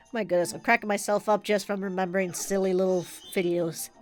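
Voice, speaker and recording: Streaming a game with a stuffy nose, she keeps up a casual live-stream chat, giggling and wandering through her stories. Her voice is mid-range with a darkish tone.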